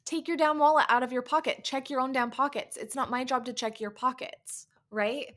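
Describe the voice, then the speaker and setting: A woman's voice: mid-range voice, fairly bright tone. Candid woman coaching other mothers. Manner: candid, conversational, often says "like" and "right?". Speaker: podcast host and coach. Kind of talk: casual podcast monologue.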